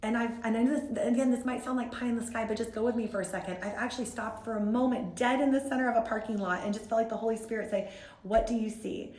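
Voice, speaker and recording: A woman's voice: fairly high pitch, rapid-fire, few pauses. Earnest woman podcast guest, roomy sound. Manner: earnest, rambling, animated storyteller. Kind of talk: faith-based podcast conversation.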